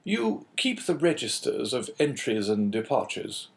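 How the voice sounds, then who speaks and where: Brief: man playing a cool, measured English agent in a storybook reading, lively intonation. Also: mid-range voice, creaky. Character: calm, phlegmatic English businessman.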